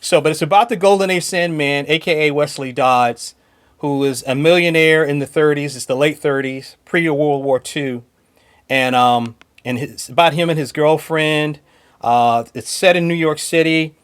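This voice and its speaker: A man co-hosting a podcast, chatting enthusiastically and laughing often between points. His voice sits a little higher than most men's. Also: normal speed, smooth. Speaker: podcast co-host. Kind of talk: casual chat.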